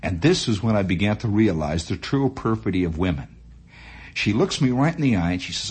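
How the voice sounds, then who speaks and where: A man hosting a radio show, telling a long personal story in a dramatic, animated monologue. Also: a little fast, breathy edge. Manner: animated, dramatic, swooping into high voices. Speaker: radio host.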